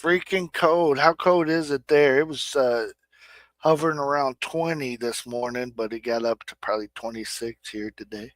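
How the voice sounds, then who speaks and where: A man's voice: mid-range voice, normal speed, a bit bright, no echo, low-quality recording. A middle-aged man from Indiana with an American Midwestern accent, hosting a casual livestream chat in a plain-spoken, emphatic way. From Indiana, USA. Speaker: livestream host.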